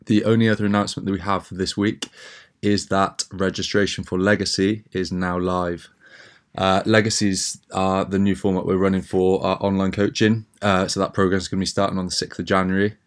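A man co-hosting a casual podcast, chatty and relaxed with frequent ums. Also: deep voice, brisk. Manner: relaxed, chatty, announcements with fillers. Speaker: podcast co-host.

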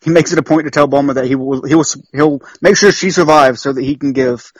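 A man's voice: fairly high pitch, steady tone, fast talker. A man co-hosting a podcast, adding plot details in casual chat. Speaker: podcast co-host.

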